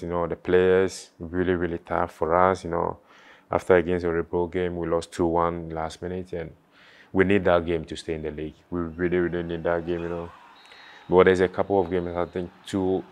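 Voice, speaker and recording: Man, very low voice, flat delivery, halting, emotional. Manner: halting, repeats words, frequent "you know". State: emotional, near tears at times. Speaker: former footballer reminiscing. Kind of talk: emotional interview reflection.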